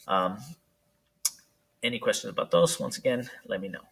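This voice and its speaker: A man teaching PE, talking through homework instructions in a relaxed, explanatory way with many fillers while recording his screen. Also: fairly low pitch, moderate pace, gravelly, poor audio.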